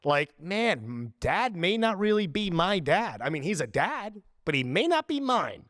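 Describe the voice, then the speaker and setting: A podcast host in his twenties goes on a casual, profane rant, animatedly telling stories and acting out little scenes with put-on quotes. His voice is high and a little slow, recorded dry with clean studio sound.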